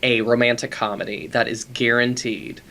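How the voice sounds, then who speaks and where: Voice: medium pitch, little pitch movement, sharp tone. A podcast host from the American South, chatting casually and playfully with a guest. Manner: playful, jokey, quick laughs. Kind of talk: casual chat.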